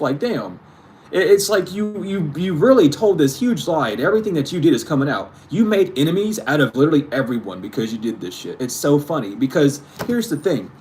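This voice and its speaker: A man's voice: a little high, darkish tone. A man giving a spiritual reading to his viewers, ranting emphatically and swearing freely. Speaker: tarot reader.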